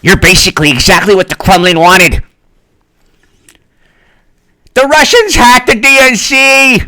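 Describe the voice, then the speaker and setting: A man voicing a shrill, indignant male partisan voter who hectors and accuses. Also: normal speed, pushed and bright. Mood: hectoring. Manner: accusing, hectoring, high-pitched.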